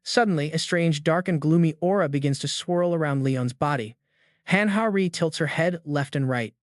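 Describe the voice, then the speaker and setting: A man tells a comic-book story in a scripted, dramatic narration, his voice sitting a bit high for a man. The recording is close and dry with no room sound. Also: moderate pace, no echo. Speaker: recap narrator.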